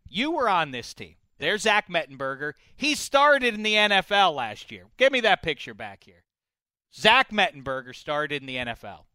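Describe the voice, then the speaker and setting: Guy hosting a goofy interview, super bright clear voice, playful and mock serious. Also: on the high side, big pitch swings, normal speed, no room sound. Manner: jokey, bursts into loud exclamations. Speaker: comedy show host.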